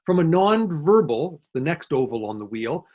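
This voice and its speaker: A man giving an online lecture as a guest speaker, talking quickly and explaining step by step, with frequent fillers and self-corrections. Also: on the high side, big pitch swings, a little mellow. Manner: fast-talking. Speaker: guest lecturer on dementia communication.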